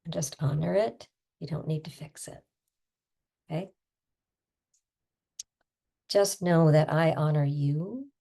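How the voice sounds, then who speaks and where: A woman stress coach leading a guided tapping session, soft-spoken and soothing, calling out tapping points between gentle affirmations. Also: deep voice, slow, long pauses. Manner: soft-spoken, calm and soothing, breathy sighs.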